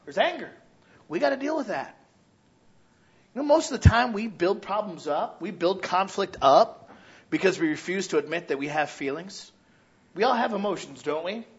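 Pastor guy preaching in church, high voice, kinda muffled lo-fi sound. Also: normal speed, breathy edge. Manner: animated preaching, acting out quoted voices, shouts rhetorical questions. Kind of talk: sermon.

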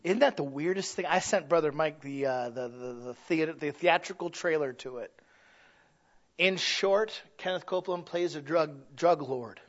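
A man preaching a sermon in a conversational way, swinging from hushed asides to shouted lines. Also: a little high, normal speed, muffled recording.

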